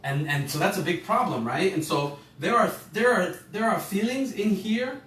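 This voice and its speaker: A man leads an online class on emotions in a loose, rambling way, correcting himself mid-sentence and asking his listeners questions. His voice sits a little high and comes from some distance off the mic. The room is echoey, with faint music playing underneath. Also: moderate pace, a bit bright. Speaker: emotional intelligence course teacher. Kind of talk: informal online class talk.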